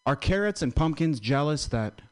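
A man with a fairly high voice tells stand-up one-liners. His pitch swings widely as he talks, and his delivery is bouncy. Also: expressive, normal speed, clean tone. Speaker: stand-up comedian.

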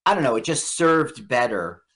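Bright, animated man telling jokes. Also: mid-range voice, normal speed. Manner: jokey storyteller, laughs often, acts out bits. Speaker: co-host of a movie-watching radio show. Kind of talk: casual banter while watching a film.

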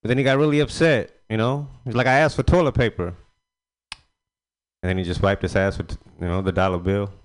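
Man, stand-up comic, resonant clear voice, rambling with fillers, club stage mic. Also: fairly low pitch, fairly even intonation, fast talker, hardly any pauses. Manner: loose, rambling delivery with frequent fillers. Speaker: stand-up comedian. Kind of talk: stand-up set at an open mic.

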